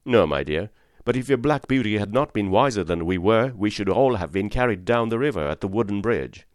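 A man doing a calm measured gentleman. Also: fairly low pitch, dry recording, clean studio sound, lightly acted. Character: calm gentleman master of the house.

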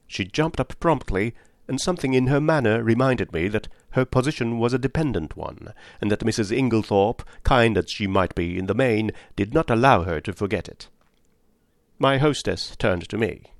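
A man reading an audiobook in a measured storytelling manner. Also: on the low side, expressive, dry recording, studio quality. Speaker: narrator. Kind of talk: audiobook narration.

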